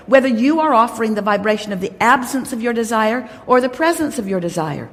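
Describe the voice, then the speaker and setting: A woman's voice: a little high, lively intonation, quick pace, few pauses. A woman giving an inspirational workshop talk to a crowd, emphatic and playful, speaking as "we". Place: large hall. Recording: long hall reverb.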